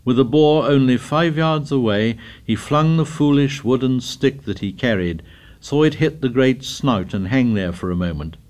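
A man narrating a novel aloud, raising his voice high for the boys' dialogue and dropping it low for the narration. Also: normal speed, darkish tone. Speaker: audiobook narrator. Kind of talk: scripted narration with character voices.

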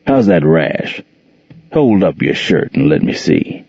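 A gruff, domineering grown man, as a male storybook narrator puts him on, growling in a low, dark register with a coarse, commanding edge. The voice stays close and dry, in a slightly dull lo-fi recording. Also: huge pitch swings, takes it slowly, dry recording, exaggerated voice. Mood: menacing.

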